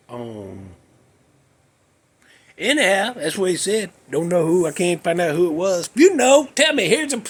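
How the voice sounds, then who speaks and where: A man, hosting a casual, rambling monologue full of folksy jokes and asides. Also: high-pitched. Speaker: podcast host. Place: cold room with a space heater.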